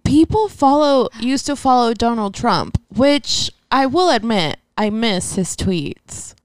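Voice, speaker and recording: A young woman comedian in casual podcast chat, making wry deadpan remarks. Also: a little high, slow, no room sound.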